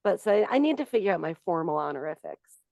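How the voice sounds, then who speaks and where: A woman's voice: fairly low pitch, very animated, fast talker, vocal fry, a little mellow, no echo. A middle-aged woman co-hosting a podcast, chatting candidly and telling anecdotes. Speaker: podcast co-host. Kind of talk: casual chat.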